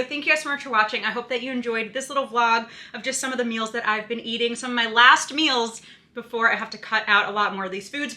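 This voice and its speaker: A woman's voice: fairly high pitch, pushed and bright. A young woman vlogging in a casual, chatty way, filling her talk with "like" and "you know", a bit out of breath. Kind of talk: casual vlog chat.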